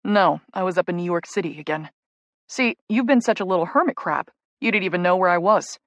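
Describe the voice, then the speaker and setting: A woman's voice: lowish voice, fairly quick, no room sound, close to an everyday voice. A woman narrating an audiobook voices a protective young adult twin brother with wry, teasing banter.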